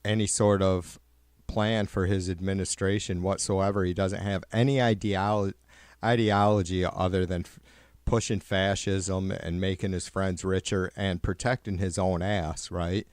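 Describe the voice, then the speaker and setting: Man ranting profanely, low voice. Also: level tone, a little slow, no echo. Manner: sarcastic, swearing, rambling, gets louder when worked up. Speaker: livestream host. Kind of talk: profane political rant.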